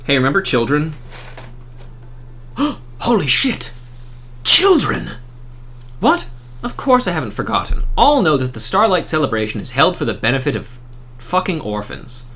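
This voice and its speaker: A streamer reading a game aloud for comedy, breaking in with crude, swearing outbursts. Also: male voice, on the high side, sing-song, fairly quick, a bit bright. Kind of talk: comic game playthrough reading.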